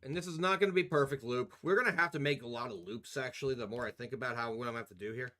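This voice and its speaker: A young man talks very fast in a medium-pitched, slightly bright voice while editing video on a live stream. His chatter with viewers is casual and rambling, with cursing, jokes, and plenty of laughter.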